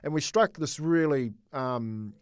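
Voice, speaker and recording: A man's voice: on the high side, unhurried, clear, resonant tone, dry recording, studio quality. A middle-aged man co-hosting a casual sports chat, telling a personal story earnestly with many restarts. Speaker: co-host.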